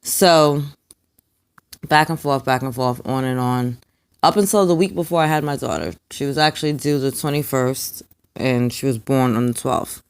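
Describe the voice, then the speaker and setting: A young adult woman, a spiritual card reader, telling a personal story in an emphatic, animated way and acting out the quotes. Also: rumbling low, moderate pace, smooth.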